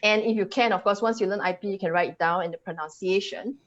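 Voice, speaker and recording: A woman's voice: mid-range voice, quick pace, highs cut off. A Singaporean woman, an English coach, teaching pronunciation on a video call. She drills sounds aloud and laughs often. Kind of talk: webinar teaching, demonstrating sounds.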